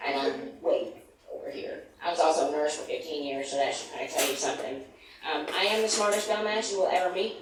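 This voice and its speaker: A middle-aged woman from the States rambles through a stand-up set, full of self-deprecating asides in a lowish voice. She is picked up from a distance in a very echoey room, with steady noise underneath. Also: brisk. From United States. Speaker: stand-up comedian. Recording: echoey room from far, noisy.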